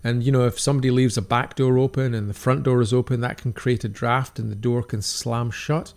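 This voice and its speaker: A man's voice: medium pitch, fairly even intonation, a little fast, creaky, darkish tone. An older Scottish man, a stained glass artist chatting casually and encouragingly on his livestream and reading out viewer comments. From Scotland.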